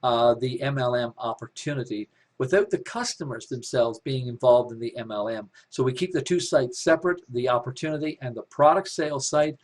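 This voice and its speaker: Upbeat man pitching a business webinar. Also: fairly quick. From Canada. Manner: upbeat, repetitive, with many fillers and restarts. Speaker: company developer presenting a webinar.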